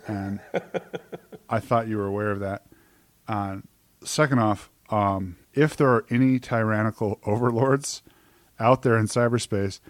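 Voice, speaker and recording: A man's voice: on the low side, no room sound. Jokey man riffing, dry sound. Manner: jokey, riffing, heavy on fillers like "like" and "um". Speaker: podcast co-host. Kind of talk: casual movie review chat.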